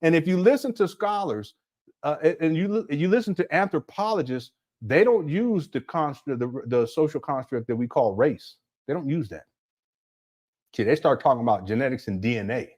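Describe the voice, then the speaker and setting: Loose, laughing man with a higher voice. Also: lively intonation, moderate pace, a little mellow. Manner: loose and conversational, laughs often, many restarts. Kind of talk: casual monologue.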